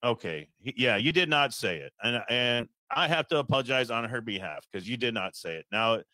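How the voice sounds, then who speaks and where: Brief: bright, dry-voiced man hosting a live stream, stammering and apologetic. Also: mid-range voice, lively intonation, a little fast, no echo. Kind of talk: casual live chat.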